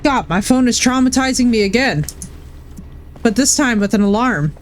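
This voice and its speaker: A woman's voice: a little high, expressive, normal speed, a little hiss or hum. A woman streamer chatting casually with her viewers while she plays, candid and swearing freely, calling people bro and dude. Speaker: Twitch streamer. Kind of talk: casual live-stream chat while gaming.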